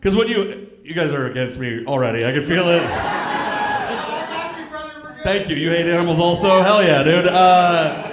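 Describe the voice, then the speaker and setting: A male comedian on a club stage tells his story in a dry, deadpan way and slips into quick voices for the other people in it. His voice sits a little high for a man. The sound comes through a stage mic in a reverberant live room. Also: a crowd in the background. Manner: deadpan storytelling with acted-out quotes. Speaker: stand-up comedian. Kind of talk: stand-up comedy set.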